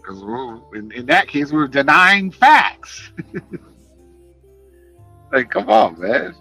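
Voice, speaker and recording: A man chatting casually on a live stream, talking in an animated, passionate way and swearing freely, speaking into a headset. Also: fairly high pitch, slow pace, gravelly, breathy edge, soft background music, poor audio. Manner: animated, passionate, profane talk.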